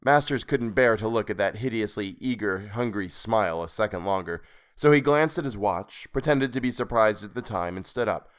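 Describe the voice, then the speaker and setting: A man narrating a weird tale in a measured, expressive reading. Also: lowish voice, clean tone. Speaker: podcast reader. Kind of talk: scripted story narration.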